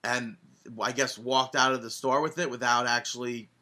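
A man co-hosting a casual podcast, animated and swearing often as he rants. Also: mid-range voice, moderate pace. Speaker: podcast co-host.

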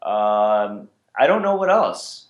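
A man co-hosting a casual wrestling podcast, talking in an easygoing, halting way with frequent restarts. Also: fairly low pitch, very animated. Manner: easygoing, hesitant, many fillers and restarts. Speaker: podcast co-host. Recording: roomy echo.

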